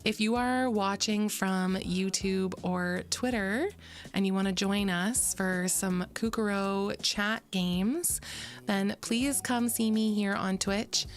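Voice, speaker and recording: A woman's voice: medium pitch, fairly even intonation, slow pace. A woman streamer chatting playfully with her live chat from a home setup, giggling and joking.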